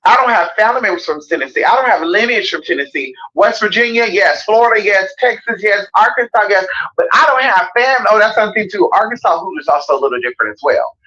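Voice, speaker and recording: Animated, profane woman vlogging. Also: medium pitch, quick pace, few pauses, muffled recording. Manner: animated, profane, acts out quoted voices. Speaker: self-described certified herbalist and hoodoo practitioner. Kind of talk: casual vlog monologue.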